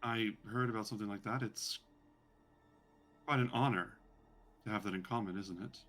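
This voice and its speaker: A man's voice: fairly low pitch, normal speed, a bit bright, faint music behind. A man narrating as game master of a tabletop role-playing game, in a loose, chatty way full of fillers.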